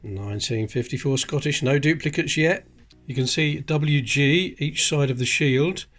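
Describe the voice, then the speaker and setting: A man's voice: fairly high pitch, unhurried, fairly bright tone, faint music behind. A man hosting a coin collecting channel, chatting casually and explaining details while handling coins. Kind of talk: casual coin-sorting commentary.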